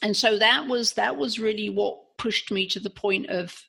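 An English-accented woman speaks with a gravelly, slightly husky voice. She tells her story as a podcast guest in a frank, earnest way, circling back and restarting as she thinks aloud. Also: mid-range voice, normal speed, a bit bright. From England. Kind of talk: personal storytelling in an interview.

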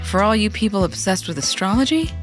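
A woman's voice: mid-range voice, very animated, quick pace, soft background music. A woman co-hosting a podcast in casual chat, wry and teasing and easily amused. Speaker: podcast co-host.

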